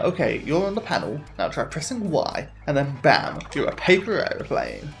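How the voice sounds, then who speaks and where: A man voicing a spiteful, cackling demon trapped in a box, reading game dialogue aloud in a theatrical, gloating way. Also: medium pitch. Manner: theatrical, gloating, squealing "whee".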